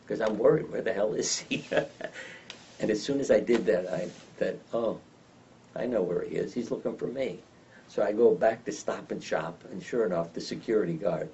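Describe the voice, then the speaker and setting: Older guy, low voice, telling stories in an interview, kinda muffled and off-mic. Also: moderate pace. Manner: animated anecdotal storyteller, acts out voices in his stories. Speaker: interview guest. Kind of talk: storytelling in an interview. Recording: dull lo-fi sound from some distance.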